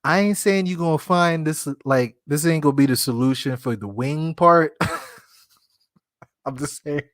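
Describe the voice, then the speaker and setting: A man's voice: a little high, a little slow, no echo, studio quality. A man hosting a casual solo podcast, rambling and joking, often laughing at himself. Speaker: podcast host.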